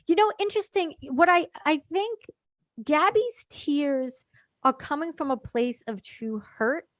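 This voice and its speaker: Chatty high-voiced woman, dry sound. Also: measured pace, dry recording. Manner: chatty, agrees often, quotes people with voices. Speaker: podcast co-host. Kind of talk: casual chat recapping a reality show.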